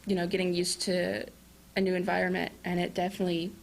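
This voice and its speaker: A teenage girl, a high school senior, answering radio questions hesitantly with many ums. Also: monotone, quick pace, creaky. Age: high school student. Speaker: student guest.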